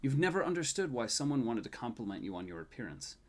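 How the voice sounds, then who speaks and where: A game master slips into a towering old grandfather in a tabletop game, his deep, booming voice gentle and reassuring. He teases and steadies in the same breath, with an even, mid-range pitch. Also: quick pace, slight background noise, close to an everyday voice.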